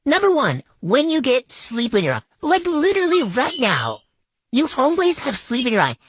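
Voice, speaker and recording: Animated woman teasing in a vlog. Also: high voice, moderate pace, husky, no room sound. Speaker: vlogger. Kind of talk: couple's comedy vlog listing pet peeves.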